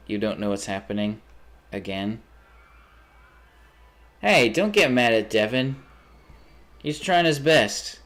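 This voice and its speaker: A young man livestreaming while gaming, chatting in a rambling way, swearing often and getting heated quickly. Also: lowish voice, fairly bright tone.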